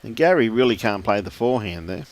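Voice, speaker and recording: A man's voice: lowish voice, lively intonation, fast. A man with an Australian accent co-commentating lawn bowls, easygoing and jokey, forever calling his partner mate. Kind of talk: live sports commentary.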